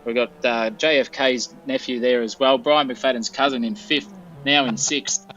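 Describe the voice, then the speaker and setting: A man's voice: mid-range voice, moderate pace, faint music behind. Jokey co-commentator man, dull line. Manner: jokey, excitable. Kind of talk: live race commentary. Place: hotel room.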